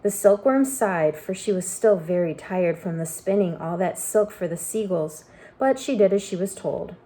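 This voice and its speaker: A woman reading a children's book aloud, expressive and animated. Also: on the low side, normal speed. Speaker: storyteller.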